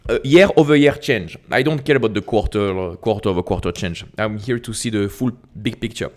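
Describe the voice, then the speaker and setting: A lowish-voiced man from France, with a French accent, comments on an earnings report for his investing channel while sharing his screen. The reading is hesitant, with self-corrections and sudden short digressions.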